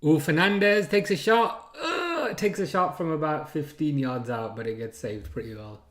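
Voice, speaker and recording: A man's voice: on the high side, normal speed, fairly bright tone, reverberant. A man in his thirties hosting a live football watchalong, chatting, laughing and reading out viewer comments. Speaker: watchalong streamer.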